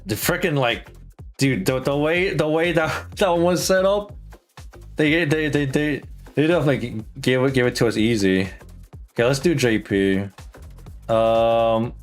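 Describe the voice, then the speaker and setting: A man's voice: medium pitch, measured pace, soft background music. A man streaming a game, thinking aloud in casual, slangy chat with plenty of swearing. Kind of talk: casual gameplay commentary.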